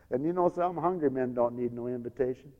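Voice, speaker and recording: A male preacher delivering a dramatic sermon, swinging from loud proclaiming to near-whispered storytelling. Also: medium pitch, phone-quality sound. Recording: long hall reverb.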